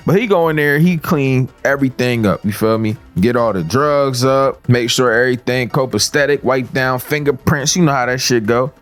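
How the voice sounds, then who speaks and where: A man casually recapping a TV story with slang, profanity and joking asides. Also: mid-range voice. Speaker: recap video host.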